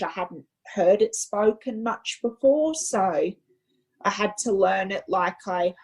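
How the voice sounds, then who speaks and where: Australian woman, earnest and halting. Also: mid-range voice, poor audio. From Queensland, Australia. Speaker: guest. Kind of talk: casual interview chat.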